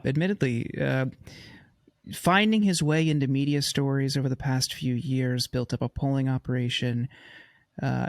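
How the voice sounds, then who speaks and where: A man hosting a podcast, asking his guest questions in a halting way with many filler sounds. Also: medium pitch, no room sound, clean studio sound. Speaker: podcast host. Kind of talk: interview questions.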